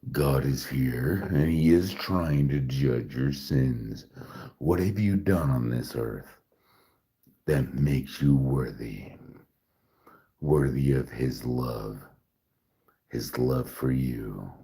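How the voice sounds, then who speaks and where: A booming, grave narrator put on by a man pronounces judgment with heavy, unhurried weight. The voice sits extremely deep and every word is drawn out slowly. It is mock-dramatic storytelling in the style of an old film narrator. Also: warm tone, exaggerated voice. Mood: solemn. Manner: slow, grave, deliberate. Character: solemn male narrator voicing divine judgment.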